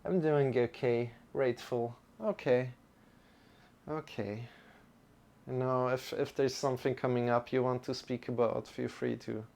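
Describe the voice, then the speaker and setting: A man leads a live-streamed yoga session in a calm, gently guiding way. His voice has a gravelly edge at a mid pitch. He greets viewers in the chat as he teaches. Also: a little slow.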